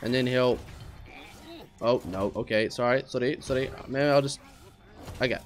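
A man hosting a let's play, talking to himself and his viewers, puzzled and exasperated, with high squeals when surprised. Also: normal speed. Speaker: gaming channel host.

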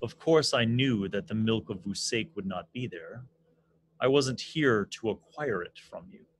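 A man's voice: lowish voice, unhurried, breathy edge. A man voicing a proud captive king who speaks formally and insists urgently. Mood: cold. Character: captive scheming male king, proud, pleading.

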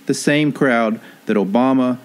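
A man hosting an online commentary show, speaking in a measured, cautionary way. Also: mid-range voice. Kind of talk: scripted commentary.

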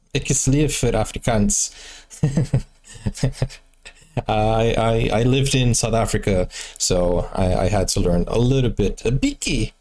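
A man with a fairly low voice hosts a reaction video in an easygoing, chatty way. He laughs at himself and stumbles over words as he talks. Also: a little mellow. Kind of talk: casual chat.

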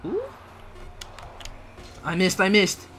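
A man's voice: high-pitched, very animated, slow pace, music in the background. A young man live-streaming a video game, chatting casually with viewers, reading their messages aloud, using slang and laughing often. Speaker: gaming livestreamer.

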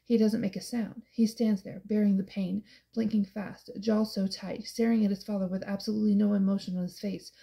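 A woman's voice: mid-range voice, little pitch movement, a little fast, gravelly, few pauses, warm tone. A woman giving an intense, dramatic first-person audiobook narration.

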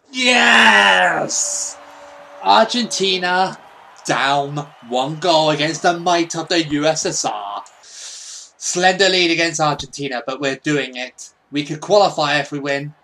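A man giving casual, excitable, sweary commentary over his own football gameplay. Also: a little high. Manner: excitable, sweary, mock-patriotic. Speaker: gaming YouTuber.

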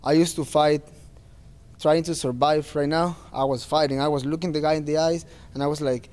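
A man's voice: on the high side, fairly even intonation, normal speed, darkish tone. A man speaking as a fighter at a post-fight press interview, earnest and plain-spoken, with non-native phrasing.

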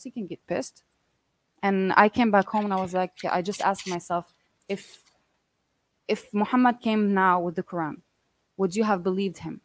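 A woman in her twenties telling a personal story in an interview, animated and blunt, often quoting what people said. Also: fairly low pitch, poor audio. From Canada. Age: 20s. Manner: animated, quotes others often, swears casually. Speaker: guest.

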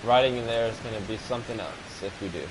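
Talking through a horror game at a quick clip, a young male gaming video host panics, swears, and repeats himself in a mid-range voice, with background noise in the clip.

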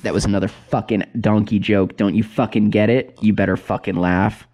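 Lady doing a super deep angry heckler, swearing fast and loud, timbre way off her usual. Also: steady tone. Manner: swearing, aggressive, rapid-fire. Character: gruff, angry heckler demanding laughs.

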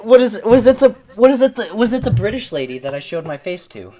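A man voicing a brash, silly male T-rex puppet on a webcam video chat, gravelly and rowdy, shouting and making mouth noises. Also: sits high, sing-song, fast, a crowd in the background. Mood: goofy.

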